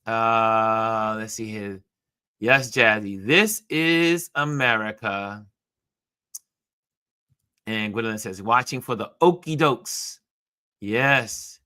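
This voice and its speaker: A man's voice: on the low side, slow pace, long pauses, bright, forceful tone, clear, resonant tone, dry recording, clean studio sound. A man hosting a live online show, chatting casually and reading out viewer comments, often repeating phrases for emphasis. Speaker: livestream show host.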